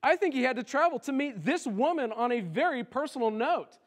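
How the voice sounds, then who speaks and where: A man preaching a sermon in a church, impassioned, rising to loud cries and then dropping low and quiet. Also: lively intonation, fairly quick. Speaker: pastor. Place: church sanctuary.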